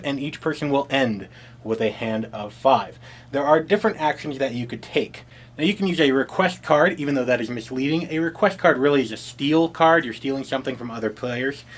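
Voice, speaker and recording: A male board game reviewer with a slightly higher-than-average voice. He walks through the rules in a dry, explanatory manner with sardonic asides.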